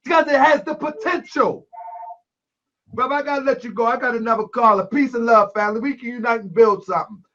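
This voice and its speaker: Guy hosting a call-in show, really high voice, pushy and emphatic, kinda dull lo-fi sound. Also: fast talker, a bit bright. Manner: emphatic, keeps calling people brother, raises his voice. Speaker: talk show host taking callers. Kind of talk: heated call-in debate. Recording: lo-fi online broadcast audio.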